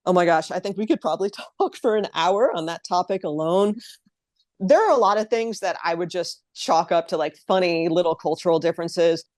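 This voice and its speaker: A woman's voice: on the low side, animated, a little fast, darkish tone, dry recording, studio quality. A woman in her thirties from New Jersey, a blogger telling her story in a casual interview as a chatty, open guest. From New Jersey, USA. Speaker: guest, living-abroad blogger.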